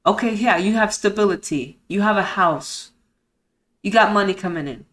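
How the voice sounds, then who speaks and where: A woman's voice: mid-range voice, normal speed, a bit bright. Blunt, profane woman ranting over a report. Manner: blunt, profane and indignant, breaking into heated rants; rhetorical questions and street slang. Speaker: streamer host. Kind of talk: reading a report aloud with live commentary.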